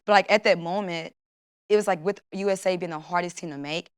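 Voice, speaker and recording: A young woman who is an Olympic long jumper tells her story as a guest in a casual interview, her lowish voice brisk, clear, and resonant. She's lively, acting out her own inner thoughts and quoting what people said to her.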